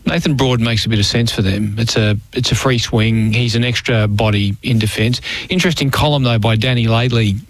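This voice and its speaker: A man with an Australian accent discussing football on radio in a measured, analytical way. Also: medium pitch, no room sound. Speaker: football commentator. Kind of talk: sports radio chat.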